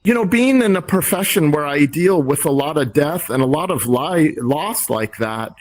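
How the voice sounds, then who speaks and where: Middle-aged guy chatting in a discussion group, kinda high voice, rambly and thoughtful. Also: animated, normal speed. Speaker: discussion host.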